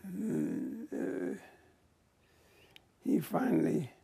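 An older American man, an actor, telling stories from his career in an interview with a slow, halting, husky delivery. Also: a little high, huge pitch swings, mellow. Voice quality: gravelly, husky. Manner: slow, halting, breathy at times. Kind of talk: reflective storytelling.

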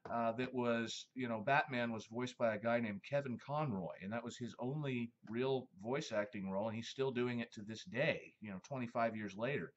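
A man's voice: mid-range voice, dull audio. A man hosting a casual monologue, rambling and reminiscing with many fillers. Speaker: host.

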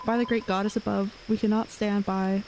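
Woman reading a gentle devout healer. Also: medium pitch, level tone, brisk, slight background noise, lightly acted, low-quality recording. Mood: pleading.

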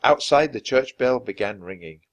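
A man reading a children's chapter book aloud in an expressive, lively way. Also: mid-range voice, normal speed, muffled recording. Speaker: storybook reader. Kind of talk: children's story read-aloud.

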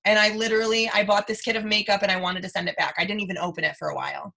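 A woman in her thirties gives a motivational talk to her team over a live video. Her voice is bright and forceful. She talks emphatically, repeats her points and keeps calling the listeners "you guys.". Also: mid-range voice, fairly even intonation, rapid-fire, vocal fry. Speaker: team leader.

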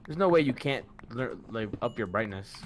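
A young man in casual gaming chat at home, excitable, laughing often and swearing casually. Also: mid-range voice, moderate pace, slight background noise. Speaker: gamer. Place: home room.

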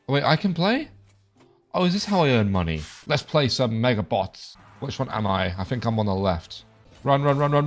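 A young man chats his way through a video game, cracking jokes and reading on-screen lines aloud. His voice sits at a medium pitch. Faint background music plays under the commentary. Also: lively intonation, moderate pace, pauses often. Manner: chatty, jokey, reads game dialogue aloud. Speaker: gaming video creator. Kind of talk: casual let's-play commentary.

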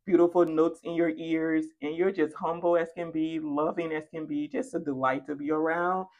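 A woman giving a tarot reading, animated and playful and speaking straight to the viewer, sometimes dropping into soft asides. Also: low-pitched. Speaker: tarot reader. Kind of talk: spoken tarot reading to camera.

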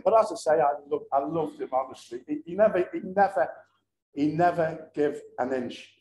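A man's voice: on the high side, moderate pace, darkish tone, slight background noise. An older man telling humorous, earthy stories at a commemoration event, often repeating himself and restarting phrases. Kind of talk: anecdotal storytelling. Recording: echoey room.

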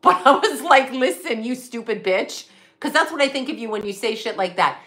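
A woman's voice: sits high, lively intonation, fast, pushed and bright. A middle-aged woman, a psychic medium, ranting in casual livestream chat, swearing and laughing often. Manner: profane, ranting and laughing a lot.

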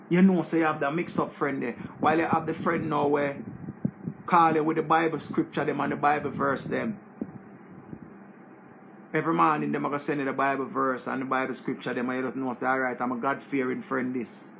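A man with a Jamaican accent rants in a high, gravelly voice. He lectures and repeats his points with the rhythm of a preacher. There is a faint hiss of noise behind him. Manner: preachy, repetitive, animated rant. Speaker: commentator. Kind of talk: casual monologue.

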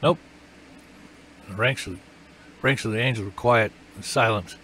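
A man's voice: fairly low pitch, measured pace, fairly bright tone, slight background noise. A man preaching a sermon, emphatic and repetitive, his voice rising and falling with feeling.

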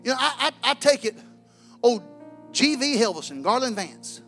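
Pastor, high tenor, swings from shouting to hushed in the sermon. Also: male voice, sing-song, moderate pace, faint music behind.

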